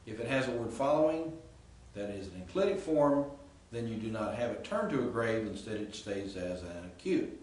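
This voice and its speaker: A man with a fairly low voice gives a classroom lecture on Greek grammar, stopping to quiz his students and filling the pauses with ums and uhs. He is picked up from a distance in a very echoey room, with faint room noise under him. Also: animated, a little mellow. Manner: explains and quizzes students, many fillers. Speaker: Greek instructor.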